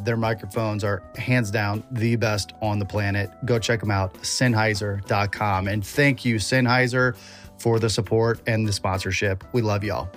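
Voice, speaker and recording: A man hosting a podcast, enthusiastic and casual, reading a sponsor message. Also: mid-range voice. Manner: enthusiastic, uses "y'all". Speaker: podcast host.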